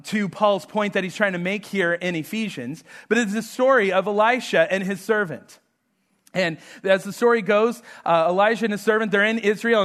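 A man preaching a sermon, acting out the characters in the story and dropping quiet for emphasis. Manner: animated, acts out quotes with rising pitch and volume. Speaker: pastor.

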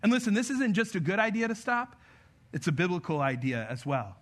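High, bright-voiced preacher man. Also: brisk. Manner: energetic, joking asides about his kids. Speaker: pastor. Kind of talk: conversational sermon.

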